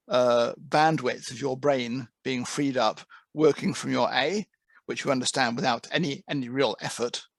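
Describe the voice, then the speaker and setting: A man's voice: mid-range voice, no room sound. A man heading an interpreting course, giving a conversational presentation to trainee interpreters and often repeating words as he restarts a thought. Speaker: interpreting course head and teacher.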